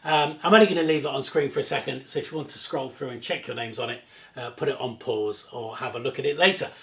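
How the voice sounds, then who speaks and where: Speaking quickly in a mid-range, slightly bright voice, this man presents his home table football show casually to a tripod-mounted camera. He's chatty, keen and quick to poke fun at himself, and the room he's in has a noticeable echo.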